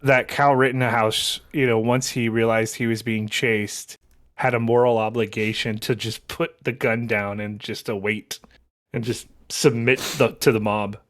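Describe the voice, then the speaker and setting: A man's voice: medium pitch, level tone, moderate pace, a bit bright. A man as a podcast guest in casual chat, laid-back, drawing out his phrases and restarting them often.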